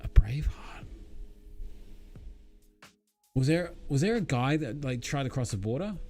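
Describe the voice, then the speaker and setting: A man's voice: medium pitch, expressive, fairly quick, darkish tone, soft background music. A young Australian man chatting casually to viewers during a live build, rambling with lots of fillers. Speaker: streamer. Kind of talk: casual live-stream chat while building.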